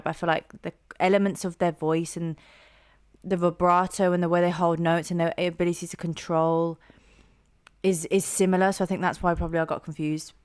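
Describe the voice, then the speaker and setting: A woman's voice: fairly low pitch, clear, resonant tone, dry recording, studio quality. A young woman hosting a music reaction, gushing and rambling with lots of fillers and restarts. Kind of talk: casual reaction commentary.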